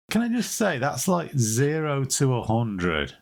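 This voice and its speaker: A man's voice: mid-range voice, huge pitch swings, measured pace. A man from the United Kingdom, co-hosting a podcast, tells a story in a rambling, chatty way with wry asides. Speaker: podcast co-host. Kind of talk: casual chat, storytelling.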